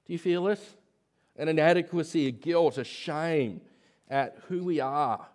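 A man's voice: on the high side, a little slow, a little mellow. A man preaching a sermon in church, talking conversationally and asking rhetorical questions.

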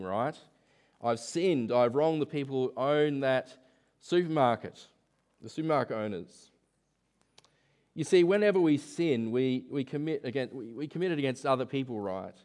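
A man's voice: medium pitch, darkish tone. A man preaching a sermon in church, talking conversationally and asking rhetorical questions.

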